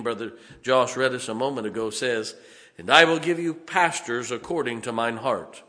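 A man's voice: medium pitch, sharp tone. A male pastor preaching a sermon in a folksy storytelling manner, acting out the voices of the people in his story. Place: church sanctuary. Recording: long reverb of a church hall.

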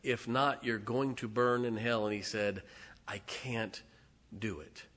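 A middle-aged man, a pastor, preaching a fervent sermon. He swings from booming declarations to hushed, intimate asides. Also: steady tone, takes it slowly. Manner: impassioned, emphatic preaching with repeated phrases.

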